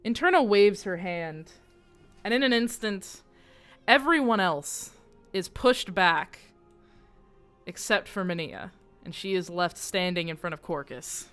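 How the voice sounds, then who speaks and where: A woman's voice: mid-range voice, measured pace, a bit bright, clean tone. A woman runs a tabletop game as game master, narrating the scene in a casual way. She curses freely and keeps the tone loose, with faint music under her voice.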